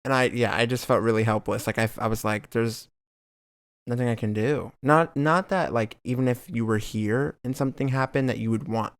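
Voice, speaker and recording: A young man co-hosting a podcast, talking in a supportive, halting way with many fillers. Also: mid-range voice, no echo. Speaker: podcast co-host. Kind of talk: casual podcast chat.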